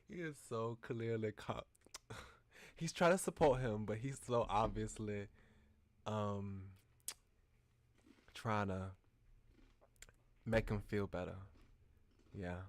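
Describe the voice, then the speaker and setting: Giggly, slow-talking young man streamer. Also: medium pitch, gravelly, no room sound. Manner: giggly, easily flustered. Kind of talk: reading a visual novel aloud with live commentary.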